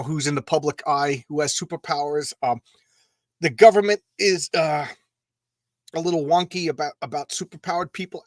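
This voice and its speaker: This man hosts a live comics stream, rambling casually and emotionally, often stammering and starting over. He has a slightly high, somewhat bright voice, and there's no echo.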